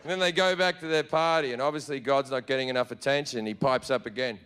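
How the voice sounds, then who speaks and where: A man's voice: mid-range voice, fairly even intonation, fast, a bit bright, slight background noise. A male comedian performing a profane, sardonic stand-up story. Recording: live club with long reverb and crowd.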